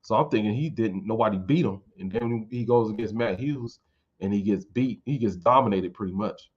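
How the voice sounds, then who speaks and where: A man's voice: on the low side, moderate pace, slightly rough, highs cut off. A man vlogging casual fight commentary in a rambling, informal way with some swearing.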